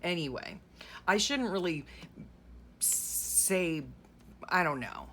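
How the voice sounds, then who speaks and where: Chatty low-voiced woman crafting. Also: expressive, takes it slowly, fairly bright tone, slight background noise. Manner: chatty, rambling, sarcastic asides. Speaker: journaling vlogger. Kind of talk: casual chat while crafting.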